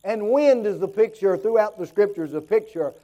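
A man's voice: high-pitched, animated, moderate pace, mellow, muffled recording. A male pastor preaching a sermon to his church, full of rhetorical questions and rising passion.

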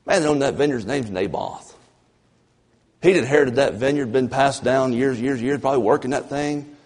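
A man preaching a fervent sermon as pastor, swinging between loud emphasis and low, drawn-out passages. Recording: long church reverb.

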